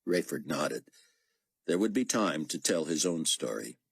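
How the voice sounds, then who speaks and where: A man's voice: extremely low pitch, very animated, measured pace, gravelly, breathy edge, no echo. A man narrating an audiobook expressively, voicing many characters. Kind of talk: scripted narration.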